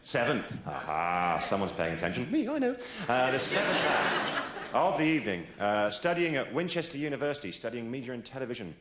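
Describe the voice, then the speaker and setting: A man's voice: mid-range voice, very animated, brisk, hardly any pauses. A man compering a comedy night, introducing acts with chatty, jokey asides. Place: comedy club stage. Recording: echoey club with loud crowd and noise.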